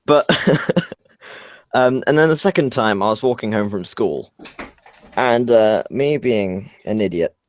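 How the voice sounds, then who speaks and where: A man's voice: fairly low pitch, animated, slow. A young man co-hosting a podcast, telling a story in a rambling, hesitant way full of fillers, over a voice call. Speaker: podcast co-host. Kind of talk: casual storytelling chat on a voice call.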